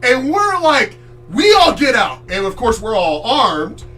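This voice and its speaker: Lively high-voiced man telling stories. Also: a little slow, distant mic, faint music behind. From Chesapeake Bay area, US. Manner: animated, loud, swears freely, acts out voices. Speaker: streamer host. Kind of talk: casual storytelling.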